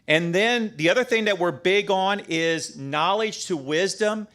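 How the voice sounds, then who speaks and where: A man's voice: high-pitched, unhurried, fairly bright tone. A middle-aged man speaking as a priest to a room of men, in a slightly raised voice. He is folksy and emphatic, with plenty of restarts and casual asides. His delivery is a conversational sermon rather than a formal homily. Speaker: priest giving a talk.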